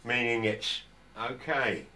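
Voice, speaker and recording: An older English man vlogs casually to camera from his home workshop, chatty and rambling, often stopping and restarting his sentences. His mid-range voice is slow and sharp-toned with fairly even intonation, and he sits far from the mic.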